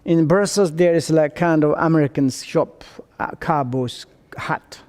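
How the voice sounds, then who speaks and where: A man's voice: on the high side, measured pace, darkish tone. A man from Tibet with a Tibetan accent, giving a Buddhist teaching in broken English and telling stories with acted dialogue. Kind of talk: dharma teaching. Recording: long reverb in a large room.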